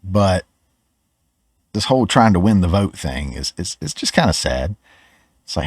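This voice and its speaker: A man's voice: low-pitched, sing-song, slow, husky, no echo, studio quality. A Southern US man hosting a podcast, giving opinionated commentary in a conversational way, often restarting his words. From Georgia, US. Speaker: podcast host.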